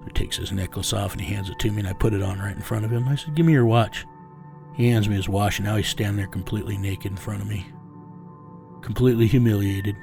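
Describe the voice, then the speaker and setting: A gravelly, deep-voiced man recounting a raid for an interviewer. He talks in a measured way and drops to a hushed, menacing murmur, with faint music underneath. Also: steady tone. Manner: low, measured storytelling that drops to a menacing hush. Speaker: interview guest. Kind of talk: recounting a war story.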